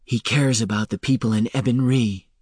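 A man voicing a principled woman who speaks quietly and firmly in an audiobook. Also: mid-range voice, steady tone, normal speed, husky, no room sound, studio quality, lightly acted. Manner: quiet, firm. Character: firm, principled winged woman healer.

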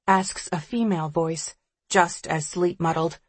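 Woman narrating an audiobook, slow and breathy, real dry close sound. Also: fairly low pitch, a little mellow, dry recording. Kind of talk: first-person audiobook narration.

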